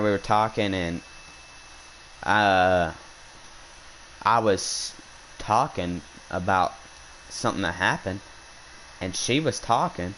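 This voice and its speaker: Out on a hunt, a young hunting vlogger with a fairly low, fairly bright voice casually tells an indignant, rambling story, restarting often. The recording is low quality, with slight background noise.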